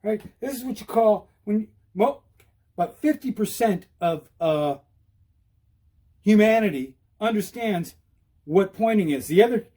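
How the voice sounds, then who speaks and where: A man giving an animated, repetitive how-to talk while riding outdoors, out of breath. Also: high voice, measured pace, husky. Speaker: e-bike vlogger. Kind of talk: casual instructional talk.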